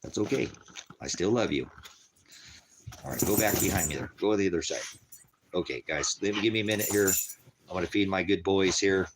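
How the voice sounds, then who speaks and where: Deep-voiced man rambling on a livestream. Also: fairly quick, long pauses, noisy background. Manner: rambling, crude joking, baby talk to his dogs. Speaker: livestream host. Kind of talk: rambling casual livestream talk. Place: at home with his dogs.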